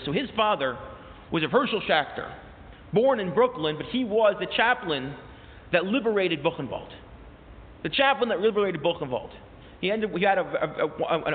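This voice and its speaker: A high-voiced man delivering an impassioned sermon, his voice climbing on questions he repeats again and again. The sound is tinny and thin, like a phone line, and it rings with a long reverb from a large hall. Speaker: rabbi. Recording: tinny, echoey hall recording.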